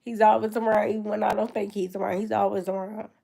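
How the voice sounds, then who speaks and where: A young woman speaks casually to her camera from a bedroom at home, reflective and conversational. Her voice has a gravelly, frying edge at the ends of phrases, sitting at an ordinary pitch for a woman. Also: flat delivery, fast, dark tone. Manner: reflective, loose and conversational, many fillers. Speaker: vlogger. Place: her grandmother's room at home.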